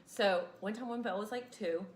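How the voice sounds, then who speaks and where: A woman's voice: mid-range voice, fairly quick, roomy sound, a little hiss or hum. A woman, teaching a casual class and rambling into chatty asides.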